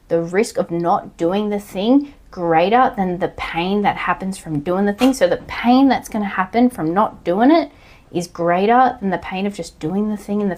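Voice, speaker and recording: Aussie woman doing a solo coaching podcast, casual and blunt, swears a bit, middle pitch. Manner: blunt, casual and sweary, with loud acted outbursts. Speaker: online coach and physiotherapist.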